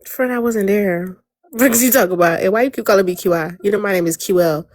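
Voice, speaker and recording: A woman's voice: mid-range voice, a little fast, darkish tone, dry recording, clean studio sound. A woman hosting a live audio chat room, blunt, teasing and profane in casual talk on a phone mic.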